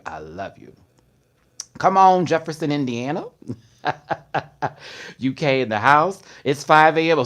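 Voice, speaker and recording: A young man hosting a casual live stream, playful and animated, greeting viewers by name from a bare room. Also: medium pitch. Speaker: host of a live stream show. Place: bare room in a new home. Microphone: earbud headphones.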